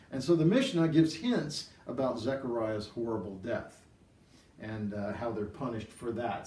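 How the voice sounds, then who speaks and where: A middle-aged man teaches from scripture in an animated storytelling way, pushing up into excited emphasis on key points. His mid-range voice rings in a roomy space, picked up from a distance. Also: mid-range voice. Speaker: preacher. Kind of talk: Bible teaching.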